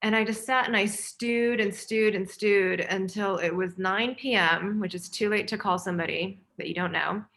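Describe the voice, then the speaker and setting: A woman film director on a panel, telling a story with lively acted-out dialogue. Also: medium pitch, normal speed, few pauses.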